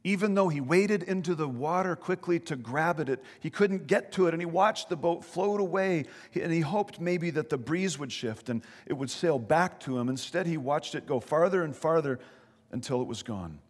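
A man's voice: fairly high pitch, expressive, moderate pace. A man preaching a sermon as pastor, telling a story with earnest, emphatic rises in his voice. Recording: long hall reverb.

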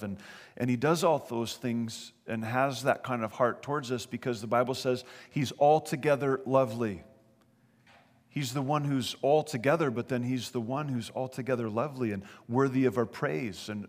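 A man preaching a sermon as pastor, animated and conversational, asking his listeners questions as he goes. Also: mid-range voice, big-room sound.

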